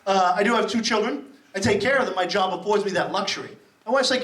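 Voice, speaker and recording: A man's voice: high-pitched, fast. A middle-aged man from Massachusetts doing a profane stand-up set, firing off brash crowd work on a comedy club stage. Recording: distant, roomy club recording with loud crowd noise. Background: audience laughing and applauding.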